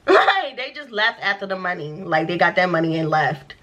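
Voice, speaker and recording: A young woman telling a storytime vlog, animated and profane, acting out what people said in slang. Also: lowish voice, moderate pace, muffled recording. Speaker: vlogger.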